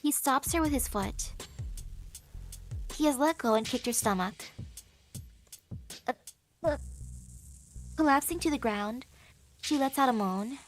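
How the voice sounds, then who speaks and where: A woman streaming as a guest, narrating a visual novel aloud in steady storytelling. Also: high-pitched, normal speed, long pauses, faint music behind. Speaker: vtuber guest.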